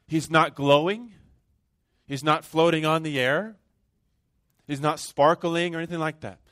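Pastor guy preaching real slow n emphatic, bit high voice, dry sound. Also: a bit bright, no room sound. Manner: deliberate, emphatic preaching with long pauses. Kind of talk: sermon. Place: church.

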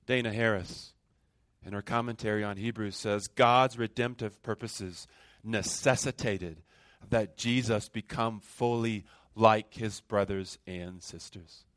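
A man preaching a sermon as pastor, deliberate and emphatic, with long pauses between phrases. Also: medium pitch, a bit bright, no echo, clean studio sound. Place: church.

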